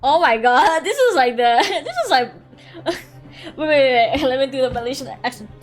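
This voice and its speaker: A young woman streams a courtroom video game, chatting loosely, giggling and dropping swears as she rambles and corrects herself. Her voice sits high, and faint music plays behind her. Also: animated, normal speed. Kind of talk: casual livestream commentary.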